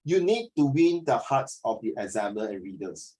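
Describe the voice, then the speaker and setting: A man's voice: mid-range voice, moderate pace. Blunt man coaching oral reading. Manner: animated, blunt, mixes in Mandarin. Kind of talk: one-on-one tutoring.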